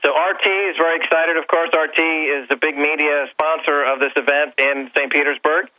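Brief: fiery male guest, slightly high voice, heard over a dull phone line. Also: level tone, a little fast. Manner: fiery, bombastic, provocative. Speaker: guest financial commentator. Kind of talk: call-in talk show guest. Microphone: telephone.

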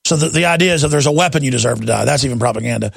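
A man's voice: medium pitch, rapid-fire, vocal fry, a bit bright, slightly rough, no room sound. A man hosting a call-in talk radio show, ranting intensely and combatively into a studio mic.

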